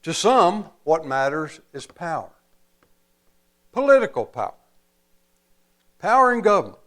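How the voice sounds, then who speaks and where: A man preaching a sermon as pastor, slow and emphatic, pausing often and adding folksy asides. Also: a little high, sing-song, fairly bright tone.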